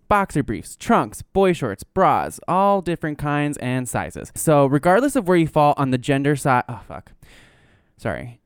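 Chatty man, smooth dry voice. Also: mid-range voice, no echo. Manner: chatty, lots of "like" fillers. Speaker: podcast co-host. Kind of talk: casual podcast chat and host-read ad.

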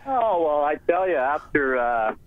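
A man calling in to a sports radio show, talking in a rambling, sarcastic, animated way. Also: a little high, a little slow. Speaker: caller. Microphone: phone. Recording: tinny phone line.

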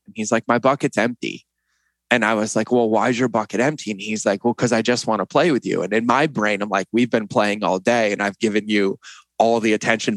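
A man's voice: on the low side, fairly bright tone, no echo, low-quality recording. A middle-aged man speaking as a podcast guest in candid conversation, earnest and reflective as he opens up about his feelings. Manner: earnest and reflective, opening up emotionally.

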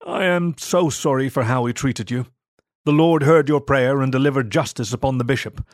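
A man's voice: medium pitch, moderate pace, no echo, clean studio sound, natural voice. A man voicing an older stooped monk who speaks contritely and earnestly. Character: older stooped male monk, humbled and apologetic.

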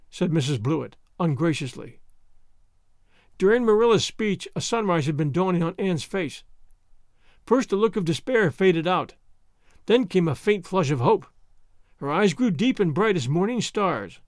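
A man narrating a classic novel with expressive storytelling. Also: high-pitched, normal speed, pauses often, no room sound, clean studio sound. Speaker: audiobook narrator. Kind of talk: scripted narration.

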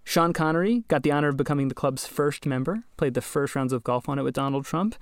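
A man hosting a podcast, telling a story in casual chat, wry and quick to laugh. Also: on the high side, dry recording. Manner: chatty, wry, laughs often. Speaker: podcast host.

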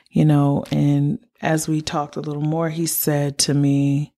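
A podcast host in a candid personal monologue, speaking openly and from the heart. The voice sits at a middle pitch with a warm, mellow tone. The talk wanders a little and is filled with "like"s and "you know"s. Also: completely flat delivery, unhurried, few pauses. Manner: open and heartfelt, rambling with many "like"s.

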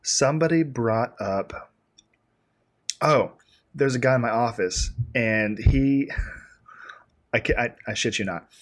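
A man co-hosting a podcast, chatting casually and telling animated, rambling stories full of fillers. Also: mid-range voice, takes it slowly, long pauses. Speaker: podcast co-host. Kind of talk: casual chat.

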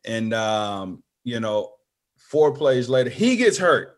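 A middle-aged man telling a story as an interview guest, animated and acting out friends' voices. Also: medium pitch, slow.

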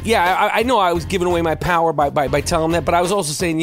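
A man's voice: fairly high pitch, racing, faint music behind. Brash, profane man hosting a podcast. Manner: brash, animated, stammering repeats. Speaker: podcast host. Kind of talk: profane rant.

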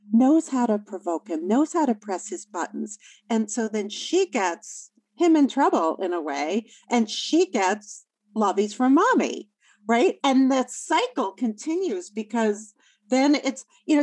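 A woman coaching a parent, explaining calmly and often checking in with "right?" and "you know?". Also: mid-range voice, no echo, low-quality recording. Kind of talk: advice conversation.

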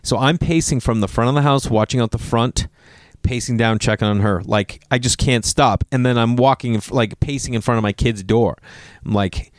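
A man's voice: medium pitch, moderate pace, no room sound, studio quality. A man telling a story in casual talk, swearing freely and acting out what people said. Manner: animated, profane, acts out quotes.

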